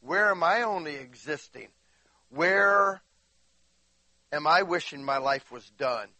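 A man preaching a sermon, emphatic, going from quiet asides to crying, shouting peaks, and speaking while in constant bodily pain. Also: a little high, lively intonation, slow, no echo. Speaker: pastor.

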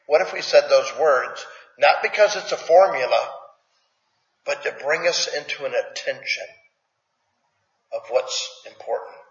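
A man's voice: a little high, measured pace, long pauses. A man preaching a sermon in a plainspoken, conversational way, asking his congregation questions. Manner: plainspoken, folksy. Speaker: pastor. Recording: echoey hall, dull lo-fi sound.

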